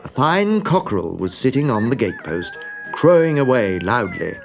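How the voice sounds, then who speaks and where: A man reading a children's fairy tale aloud, expressive and animated. His pitch is mid-range but swings widely with the story, and soft music plays faintly behind him. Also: moderate pace, gravelly. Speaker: narrator.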